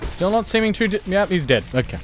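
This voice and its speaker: A man's voice: high-pitched, very animated, fast talker, soft background music. Jokey male game streamer. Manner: jokey, self-mocking. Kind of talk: casual gameplay commentary.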